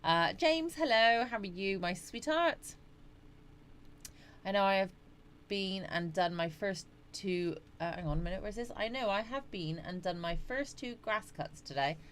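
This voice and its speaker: A middle-aged woman runs a relaxed live chat stream from her home, welcoming viewers by name and reading their comments aloud. Her medium-pitched voice is animated and unhurried, with a slight hiss or hum in the audio. She's chatty and yawns and laughs often.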